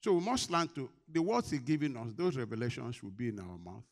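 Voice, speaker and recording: Animated and brisk, a man at medium pitch delivers a sermon in which he questions the congregation and answers for them. His volume moves between loud and quiet.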